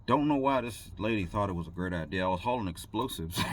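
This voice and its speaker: A man's voice: fairly low pitch, background noise. A man, a truck driver, telling a story in a rambling, casual way and laughing between thoughts.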